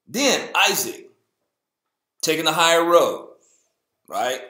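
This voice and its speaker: In a slow, sing-song voice that's pushed and bright, a man hosts a casual Bible reading show, pausing often and cracking jokes. He voices the story's characters in goofy high tones, and the room is echoey.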